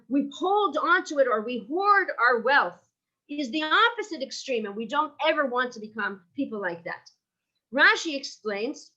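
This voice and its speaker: A woman's voice: sits high, sharp tone, highs cut off. A woman teaching a Jewish ethics class, engaging her listeners with rhetorical questions and "right?", and weaving Hebrew terms into her English. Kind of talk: lively lecture.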